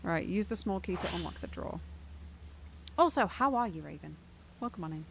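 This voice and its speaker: A young British woman chatting casually on a game live stream, animated and incredulous, laughing often. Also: on the low side, fairly quick, creaky, noisy background.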